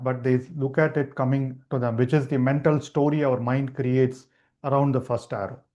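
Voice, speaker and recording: A man leading a live online meditation class, explaining gently and unhurriedly with frequent restarts. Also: medium pitch. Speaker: meditation teacher.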